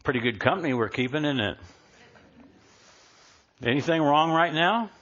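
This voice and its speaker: A man's voice: fairly high pitch, expressive, moderate pace, a bit bright. A man giving a live sermon to a congregation in a conversational way, often asking them questions. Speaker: minister. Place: church sanctuary. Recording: dull live church recording.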